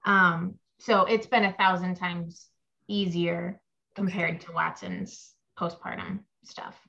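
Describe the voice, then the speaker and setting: A woman's voice: on the low side, fairly even intonation, slow pace, vocal fry, sharp tone. A young woman, a mother, talking casually about her babies, rambling with fillers. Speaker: guest mom. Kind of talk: casual chat. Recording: slightly dull lo-fi audio.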